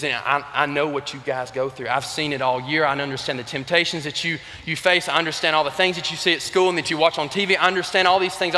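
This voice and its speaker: A man's voice: high voice, bright, forceful tone. A young man with an Alabama Southern accent giving a motivational speech in a large arena, telling stories in a folksy, earnest way. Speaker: youth organization officer. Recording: reverberant arena sound.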